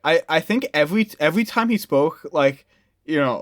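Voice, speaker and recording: A man's voice: a little high, expressive, no room sound, clean studio sound. A young man co-hosting a movie review show, chatting casually and laughing often as he talks. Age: young adult. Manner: laughs often, halting restarts. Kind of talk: casual chat.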